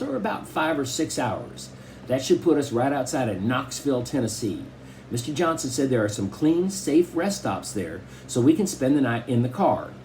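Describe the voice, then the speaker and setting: A man's voice: mid-range voice, a little mellow, slight background noise, lightly acted, poor audio. A man voicing a careful mother who explains a trip plan step by step. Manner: matter-of-fact, explaining step by step.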